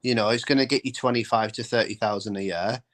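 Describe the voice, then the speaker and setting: A man's voice: lowish voice, fairly even intonation, quick pace. A man chatting casually and making teasing jokes. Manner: joking, teasing banter. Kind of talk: casual chat.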